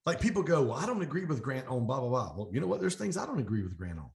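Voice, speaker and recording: A middle-aged man talking as a guest on an interview show, with a voice of ordinary pitch. He spins stories with energetic momentum. He keeps acting out what others said. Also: gravelly. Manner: energetic, fast storytelling with animated quoted dialogue. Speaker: podcast guest, coach. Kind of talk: storytelling interview.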